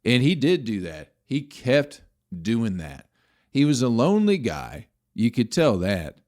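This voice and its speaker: A man's voice: medium pitch, sing-song, unhurried, darkish tone. A man, a comedian hosting his own podcast, telling a rambling story with a lot of swearing and exasperated asides to his listeners.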